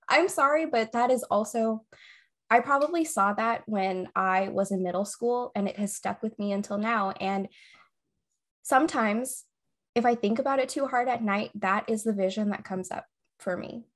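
A woman with a slightly raised voice co-hosts a chatty podcast. She tells a creepy story in a hushed, suspenseful way, swears freely, and keeps dissolving into giggles. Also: on the high side, moderate pace. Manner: giggly, swears freely, builds suspense then breaks into laughter. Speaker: podcast co-host. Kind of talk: casual chat, telling a scary story.

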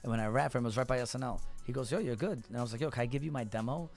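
A man in his thirties, a rapper guest, telling a long story in a lively, profane way and acting out the people in it. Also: medium pitch, very fast, gravelly, soft background music. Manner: animated, profane, acts out voices in his story. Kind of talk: casual storytelling.

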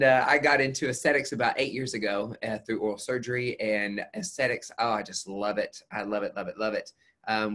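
A man with a Tennessee country accent, a nurse talking as a guest on a webinar in a chatty, sassy, animated way over a video call. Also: lowish voice. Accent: Southern US, Tennessee. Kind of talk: casual webinar interview.

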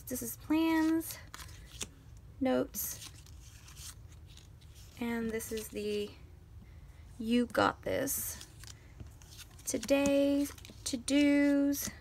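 A woman's voice: a little high, darkish tone, slight background noise. Chatty woman gushing over an unboxing. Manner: chatty, gushing, talks to viewers while handling items. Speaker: planner vlogger. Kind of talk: casual unboxing haul.

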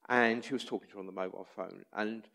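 A man's voice: lowish voice, steady tone, quick pace, gravelly, sharp tone. A man with an English accent, a street chaplain, telling personal stories in a conversational, anecdotal way during a church talk. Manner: conversational anecdotal storytelling, acts out quoted voices.

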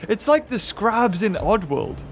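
A man commenting on a mobile game as he plays, thinking aloud and breaking into excited shouts. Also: high-pitched, a little slow. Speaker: gaming YouTuber.

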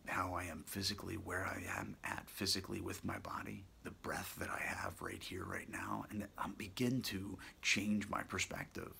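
A man giving a reflective personal monologue for his daily video blog, soft-spoken and half-whispered, musing with pauses and self-corrections. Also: sits low, lively intonation, creaky.

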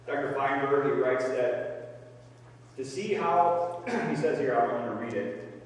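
A man, a pastor, preaching a sermon in an animated way, mimicking careless comforters and asking his congregation questions. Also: mid-range voice, measured pace, pauses often. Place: church sanctuary. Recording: echoey church hall from far off.

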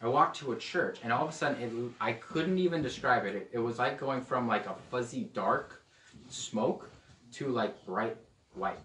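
A man gives a casual teaching sermon, joking and chatty, now and then trying on playful accents. His voice sits at an ordinary middle pitch. The mic is set back from him, and the room adds a noticeable echo. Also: expressive, normal speed, a bit bright, slight background noise. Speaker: preacher. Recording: echoey room, mic at a distance.

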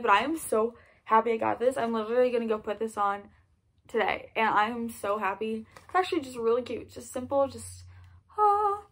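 A woman vlogging a casual gift haul in a chatty, gushing, excited way. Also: fairly high pitch.

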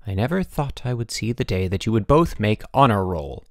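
A man's voice: lowish voice, sing-song, no echo, clean studio sound. A man voicing a dignified, formal middle-aged headmaster in an audiobook. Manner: formal, measured, pleased.

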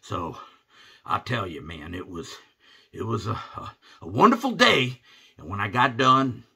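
A middle-aged man, telling a rambling comic story in a folksy, animated way. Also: fairly low pitch, unhurried, vocal fry, slightly rough. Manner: animated, rambling, drops to hushed asides.

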